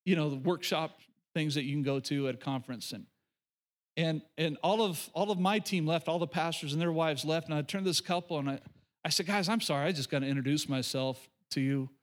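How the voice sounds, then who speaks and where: High-voiced emphatic male pastor preaching. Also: brisk. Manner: emphatic, repeats phrases, stammering restarts. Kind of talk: sermon.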